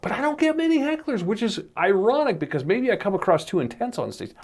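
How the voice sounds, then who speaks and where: A man co-hosting a podcast in casual chat, a comedian who laughs often and slips into loud put-on voices. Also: high-pitched, sing-song, fast.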